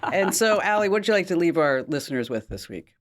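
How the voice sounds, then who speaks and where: A woman's voice: fairly low pitch, sing-song, fast talker, crowd noise. A woman hosting a podcast, teasing her co-host and closing the show with listener requests. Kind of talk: casual chat.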